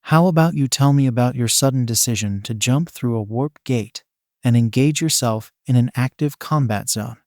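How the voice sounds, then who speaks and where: A man's voice: medium pitch, moderate pace, no room sound, clean studio sound, lightly acted. Man reading as a polite menacing villain boss. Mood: calm. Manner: smooth, courteous, quietly threatening.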